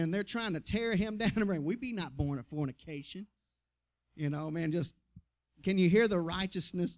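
High-voiced preaching man. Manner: reads scripture aloud and breaks into call-and-response amens; colloquial, folksy asides between readings. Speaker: pastor. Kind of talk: sermon.

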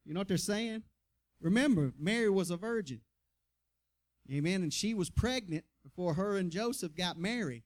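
High-voiced preaching man. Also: lively intonation, normal speed. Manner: reads scripture aloud and breaks into call-and-response amens; colloquial, folksy asides between readings. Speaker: pastor. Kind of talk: sermon.

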